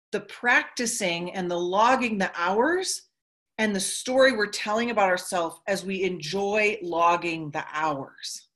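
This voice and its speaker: Animated woman giving a motivational talk. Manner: animated storytelling, acts out quotes with big pitch jumps. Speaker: motivational speaker.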